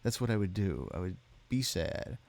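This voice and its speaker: A tired man with a low voice reads chat messages aloud on a live stream and answers each one in a deadpan, rambling manner. The sound is dry and close, with no room around it. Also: moderate pace, vocal fry, dry recording. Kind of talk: casual chat.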